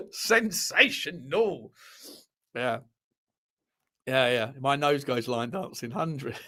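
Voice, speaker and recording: Slow and expressive, this English-accented host of a live fan show has a mid-range, slightly bright voice. He chats casually with viewers and responds to their messages, swearing liberally and poking fun at himself through his stories.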